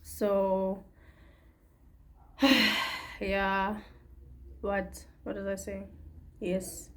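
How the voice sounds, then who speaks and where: A woman's voice: mid-range voice, flat delivery, extremely slow, fairly bright tone, a little hiss or hum. A young woman from Africa, talking through a candid, rambling personal video diary. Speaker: vlogger.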